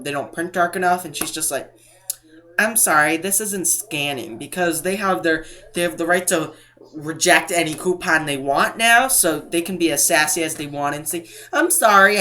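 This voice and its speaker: Casual vlogger man with a bright, forward tone, chatty and digressive, often restarting his sentences. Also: on the high side. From New England. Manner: rambling, self-interrupting, mimics other people. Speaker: couponing vlogger. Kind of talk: casual storytime.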